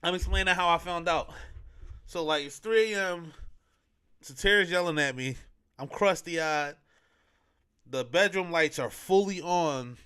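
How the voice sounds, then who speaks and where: A young man tells a story in loose, slang-filled talk, wandering and circling back with plenty of fillers. His voice sits a bit high and sounds bright and forceful. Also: a little slow, long pauses, clean tone. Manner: slangy, rambling, with many fillers. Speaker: podcast host. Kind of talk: casual storytelling.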